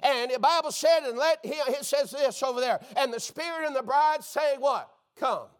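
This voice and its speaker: A man preaching a fervent sermon, breaking into shouts and calling out to his listeners as dear friend. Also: very high voice, moderate pace.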